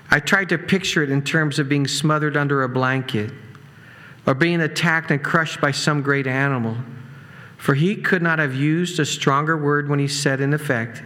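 A man preaching a sermon in a conversational way, with asides and quick laughs. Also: a little high, pushed and bright. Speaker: pastor. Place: church sanctuary.

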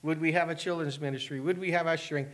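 A man's voice: fairly high pitch, steady tone, fast, a bit bright. A man pastor preaching a sermon, asking his congregation one earnest question after another.

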